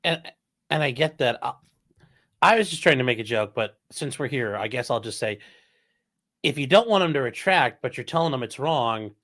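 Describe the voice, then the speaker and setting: A man co-hosting a livestream, speaking calmly and hesitantly as he tries to placate someone. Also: mid-range voice, normal speed. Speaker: livestream co-host. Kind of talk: livestream conversation.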